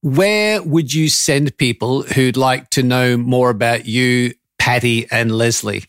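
A man hosting a podcast in a dry, close-sounding voice at a middling pitch. He chats warmly, calls people mate and wanders into long stories. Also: takes it slowly, no room sound. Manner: friendly, rambling anecdotes, says mate. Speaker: podcast host. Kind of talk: casual interview chat.

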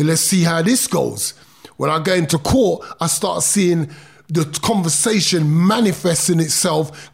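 This is a gravelly, husky, slightly high male voice belonging to a middle-aged former boxer. In an interview he shares his emotional personal story intensely and emphatically, with stretched-out words and street slang.

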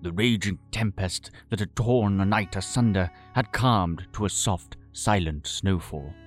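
Low-voiced man in pompous storytelling. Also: unhurried, soft background music. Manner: pompous, florid Victorian gentleman's tone. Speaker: storyteller and sole voice actor. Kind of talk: scripted audio drama narration.

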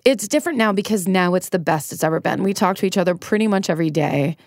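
A woman's voice: lowish voice, lively intonation, quick pace, no room sound, studio quality. A middle-aged woman speaking candidly and self-deprecatingly as a guest in a casual interview, often laughing as she talks. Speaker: podcast guest.

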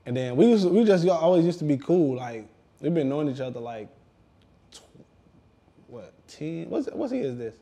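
Man in his thirties, interview guest, casual rambling chat, fresh dental work, a little high-pitched. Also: moderate pace, pauses often. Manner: relaxed, rambling, heavy use of "like". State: talking around brand-new dental work.

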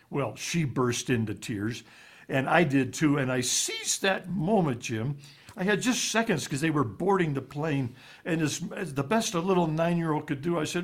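A man, an author being interviewed, telling a personal story in a halting way, often repeating words, his voice dropping low and quiet on the painful parts. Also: animated. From raised in Ivory Coast.

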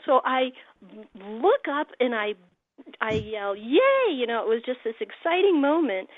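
A woman with a fairly high voice tells personal stories with animated, emotional swings. Her voice comes through a thin, phone-like line, close and dry with no room sound around it. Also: unhurried, no room sound. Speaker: guest. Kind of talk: storytelling chat.

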